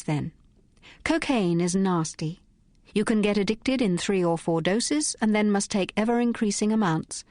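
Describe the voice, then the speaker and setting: A woman voicing a glamorous, fearless young woman detective who talks crisply and with assurance. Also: medium pitch, no room sound, studio quality, voice pushed up, lightly acted.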